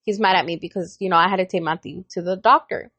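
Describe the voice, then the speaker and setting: A woman co-hosting a podcast, chatting casually and bluntly, telling animated stories with voiced quotes and plenty of swearing. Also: on the low side, fast talker, slightly rough, no echo. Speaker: podcast co-host. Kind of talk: casual chat.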